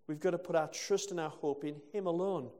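A man's voice: fairly high pitch, a little fast, dark tone. A male preacher from England giving a conversational sermon with rhetorical questions and asides. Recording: long hall reverb.

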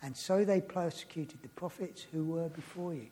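A man's voice: fairly high pitch, moderate pace, warm tone, a little hiss or hum. A man teaching informally from the Bible, reading scripture aloud between chatty asides. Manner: chatty, laughs and loses his place, reads scripture aloud. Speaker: preacher.

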